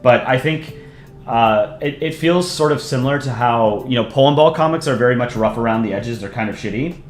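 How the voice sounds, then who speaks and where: A man's voice: mid-range voice, brisk, roomy sound, soft background music. Laid-back man streaming comic reviews. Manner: relaxed, self-deprecating, lots of ums and restarts. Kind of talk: casual live-stream commentary.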